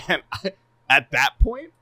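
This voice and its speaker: A man casually chatting on a podcast, animated and laughing a lot, swearing freely and stumbling over repeated words. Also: on the high side, takes it slowly. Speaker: streamer and podcast co-host.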